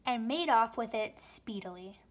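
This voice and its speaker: A woman with a fairly high voice reads a rhyming children's storybook aloud. Her delivery is expressive and lilting, shaped for young listeners. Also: unhurried. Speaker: children's book reader.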